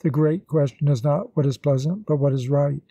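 A man reading the lines of an earnest young woman in an audiobook, speaking solemnly and in measured phrases. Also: fairly high pitch, dark tone, slightly rough, no room sound. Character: earnest young woman renouncing her love.

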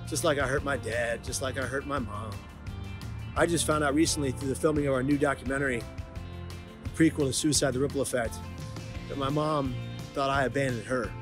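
A man in his thirties talking earnestly and emotionally in a personal vlog, heartfelt and confessional. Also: mid-range voice. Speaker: vlogger.

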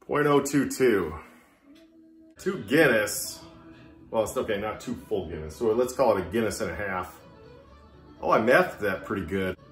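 In a casual drinking vlog, a man chats to camera and pokes fun at himself while talking to himself. His fairly low voice has lively intonation at normal speed, broken by long pauses, while Irish music echoes around the room.

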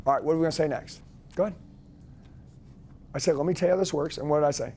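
A man with a somewhat raised voice coaches a room of salespeople. He talks in a forceful, commanding way and hammers home each phrase by repeating it. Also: a little high, rapid-fire, slight background noise. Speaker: sales trainer. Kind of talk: energetic live sales training.

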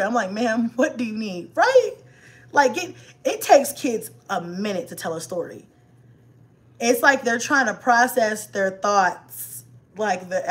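A woman with a medium-pitched voice chats casually with a live audience about parenting, lively and full of slang, cursing and laughing a lot.

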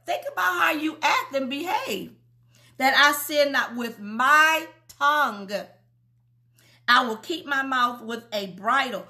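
A woman's voice: high voice, sharp tone. A woman pastor preaching on a livestream, calling out praise, laughing often and reading viewers' comments aloud. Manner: exclaims, laughs often, drawn-out calls of praise.

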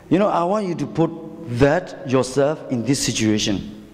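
In a reverberant church hall, a man with a Burmese accent preaches a fervent sermon full of rhetorical questions and calls to his congregation. His medium-pitched voice has a darkish tone and lively intonation at normal speed.

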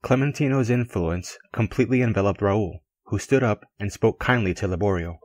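Low-voiced man narrating an audiobook. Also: no echo. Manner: steady, earnest, measured reading. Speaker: audiobook reader.

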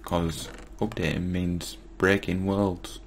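Male gamer, casual commentary, deep fry-heavy voice, talks to himself while playing. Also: little pitch movement, slow pace, slight background noise. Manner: muttering to himself, mildly exasperated. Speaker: gaming YouTuber. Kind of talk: casual Let's Play commentary.

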